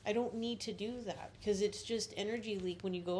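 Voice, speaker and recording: A woman's voice: mid-range voice, fairly even intonation, brisk, a little mellow, slight background noise. A middle-aged woman vlogging about witchcraft in a blunt, rambling, profane way. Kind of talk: casual spiritual monologue.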